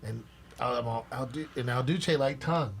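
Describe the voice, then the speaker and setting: A middle-aged man hosting a podcast, telling stories in a casual, profane, animated way and mimicking the people in them. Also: mid-range voice, moderate pace, creaky, slightly rough. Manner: profane, animated, acts out voices in his stories. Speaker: podcast host. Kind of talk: casual storytelling chat.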